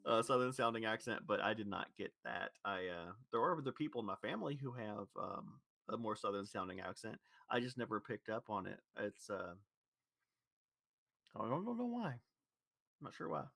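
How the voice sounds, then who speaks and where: A man's voice: on the low side, lively intonation, normal speed, creaky, pushed and bright, no echo. Rambling guy with a neutral accent. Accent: neutral General American. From Louisville, Kentucky. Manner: rambling, self-correcting, with many restarts. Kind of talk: casual chat.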